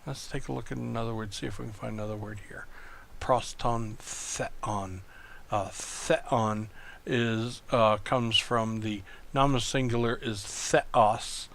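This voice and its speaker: Slow, patient male Greek tutor. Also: mid-range voice, steady tone, gravelly, a bit bright, slight background noise. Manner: slow, patient explaining with many ums. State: coughing. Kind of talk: recorded online lesson.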